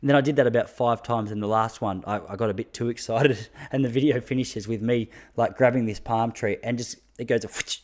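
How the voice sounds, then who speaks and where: A young Australian man rambling through a casual monologue at a middle pitch. He mocks himself and laughs often. His thoughts trail off and restart. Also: fairly even intonation, a little fast, hardly any pauses, a little mellow.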